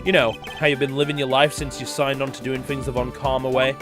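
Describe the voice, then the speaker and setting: A man's voice: mid-range voice, level tone, quick pace, lightly acted. A man voicing a smug male rival who needles and mocks, over game music. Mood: taunting. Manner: mocking, taunting.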